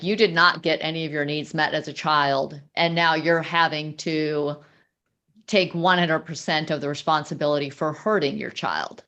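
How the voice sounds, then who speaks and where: Woman host with a low voice who explains steadily and cites reading. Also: a bit bright. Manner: measured, explanatory, cites books. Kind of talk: casual discussion.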